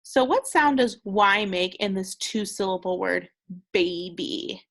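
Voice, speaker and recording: Young female teacher for a kids' phonics lesson: slow, gravelly, patiently encouraging. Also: medium pitch, fairly bright tone. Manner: patient, encouraging, carefully sounding out words. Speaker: second grade teacher. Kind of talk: recorded phonics lesson for children.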